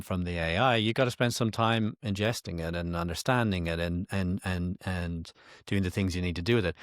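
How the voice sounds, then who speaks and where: A man's voice: on the low side, dry recording, clean studio sound. A man co-hosting a podcast in casual chat, explaining his points thoughtfully with frequent restarts. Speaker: podcast co-host.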